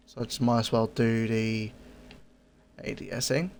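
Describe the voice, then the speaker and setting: A man with a voice of ordinary, middle pitch talks casually through a review of game cosmetics. He is laid back and rambling, trailing off and filling gaps with ums and uhs as he thinks aloud. Faint background noise sits under his voice. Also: little pitch movement, creaky. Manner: easygoing and rambling, often pausing with fillers. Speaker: gaming video creator.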